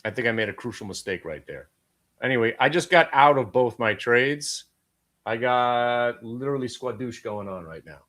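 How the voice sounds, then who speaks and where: A middle-aged Brooklyn man calls trades live on a stream. His voice sits at an everyday middle pitch, and his delivery is brash and profane, with wisecracking asides between calls. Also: lively intonation, moderate pace, a bit bright. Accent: Brooklyn New York. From Brooklyn, New York. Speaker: day-trading show host. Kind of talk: live trading commentary.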